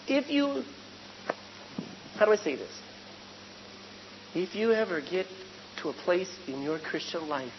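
A woman's voice: fairly low pitch, in a large hall, muffled recording, background noise. A woman preaching a sermon to a congregation, asking rhetorical questions and acting out the lines she quotes.

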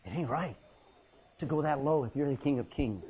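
Animated man preaching, husky voice. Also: medium pitch, normal speed, phone-quality sound. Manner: animated, acts out Bible scenes with laughs and dramatic drops in volume. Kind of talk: sermon.

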